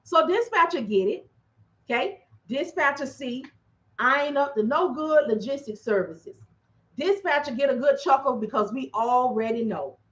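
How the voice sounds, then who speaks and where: A woman dispatcher talking casually to her audience in a lively, animated way, acting out her phone calls and clearing her throat often. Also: sits high, moderate pace, dull audio. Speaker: freight dispatcher. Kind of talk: casual livestream talk. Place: drafty office.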